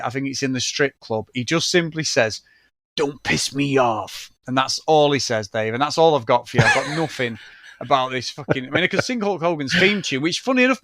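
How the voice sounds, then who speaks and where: A man's voice: a little high, no echo, clean studio sound. A man co-hosting a podcast, chatting casually, swearing often and laughing while telling stories. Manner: sweary, laughing, animated storyteller. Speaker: podcast co-host. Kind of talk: casual chat.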